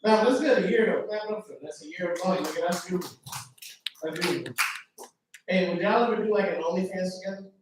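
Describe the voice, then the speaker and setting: A brash male comic works the crowd with casual slang and teasing jabs. His voice sits high. It is picked up from well off the mic in a very reverberant club. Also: quick pace, noisy background. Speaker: stand-up comedian. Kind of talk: stand-up with crowd work. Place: comedy club stage. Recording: very echoey club from far off.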